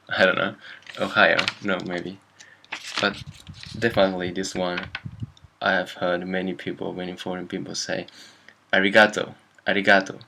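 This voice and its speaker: A man's voice: low-pitched, gravelly, background noise. A man with a Japanese accent teaching a casual language lesson, thinking aloud and often stopping to correct himself.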